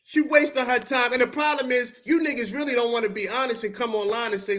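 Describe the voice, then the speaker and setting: A man's voice: very high-pitched, fairly even intonation, fast, a bit bright. A man from Baltimore with a Baltimore accent, hosting a podcast livestream and ranting at his chat in a confrontational, profane, preachy street style. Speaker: podcast host. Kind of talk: heated livestream rant at chat.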